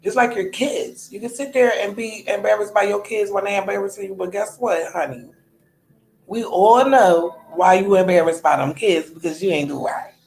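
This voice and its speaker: A woman's voice: medium pitch, normal speed, creaky, a little mellow, reverberant, poor audio. A woman in her thirties, a podcast host, talking candidly in a personal monologue, colloquial, often trailing off and restarting. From United States.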